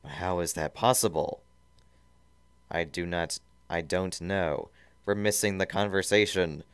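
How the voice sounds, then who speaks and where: A man's voice: sits low, fairly even intonation, a little slow, clean tone, no echo. A man voicing an earnest young princess who leads freedom fighters, in a fan story reading.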